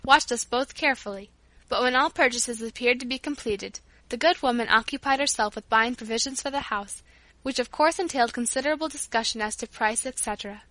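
Woman reading an audiobook, bright clear voice, dry close mic. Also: a little high, fairly quick, no echo. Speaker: narrator. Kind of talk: audiobook narration.

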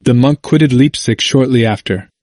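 A man reading a historical narrative aloud in a steady, measured way. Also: mid-range voice, no room sound, clean studio sound. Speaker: audiobook reader. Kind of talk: scripted narration.

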